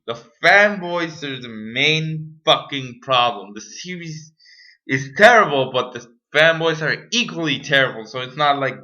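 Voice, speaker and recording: A man in a rambling, profane, exasperated rant, speaking straight to his camera. His voice is forceful and pushed. The audio is dull and lo-fi, like a cheap camera mic. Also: mid-range voice. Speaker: vlogger. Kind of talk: unscripted angry rant to camera.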